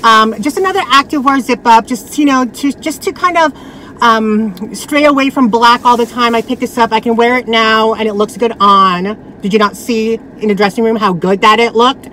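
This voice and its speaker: A woman's voice: on the high side, bright, forceful tone, slight background noise, low-quality recording. A woman in her thirties chatting casually about her thrift finds, blunt and full of "like" fillers. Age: 30s. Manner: chatty and blunt, many "like" fillers, quick laughs. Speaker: vlogger. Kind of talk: casual thrift haul chat.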